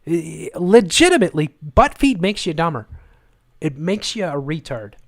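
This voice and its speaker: Guy ranting on his live show, sarcastic and fired up, bit high pitched, dead dry mic. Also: big pitch swings, normal speed, creaky, no room sound. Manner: angry, sarcastic, repetitive. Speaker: livestream host.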